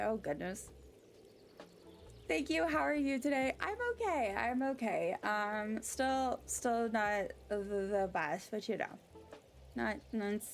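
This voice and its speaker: A woman's voice: fairly high pitch, slight background noise. A woman streaming a game, chatting casually and rambling off on tangents while she answers her chat. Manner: rambling, easily sidetracked chatter; reads chat aloud and answers it.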